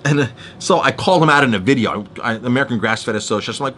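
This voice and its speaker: A man vents in a fast, animated, casual monologue, his voice bright and ringing over a faint rumble. His pitch swings widely as he keeps restarting his story and acting out the quoted exchanges from past arguments.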